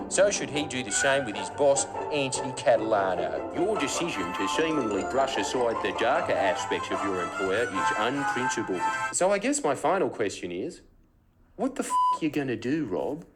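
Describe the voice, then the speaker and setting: A man's voice: fairly low pitch, rough recording. A man delivering a mocking scripted monologue, firing heated rhetorical questions. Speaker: political comedian.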